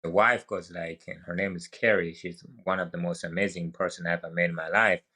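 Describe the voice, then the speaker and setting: Young man, African accent, low bright voice, relaxed halting storyteller. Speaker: guest, wildland firefighter. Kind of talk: casual podcast conversation.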